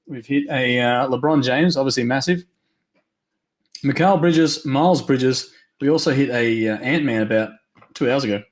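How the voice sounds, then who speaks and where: Hosting a live trading card break, a man rattles off names quickly and cheerfully in a medium-pitched voice. He's losing his voice, which is audibly going hoarse.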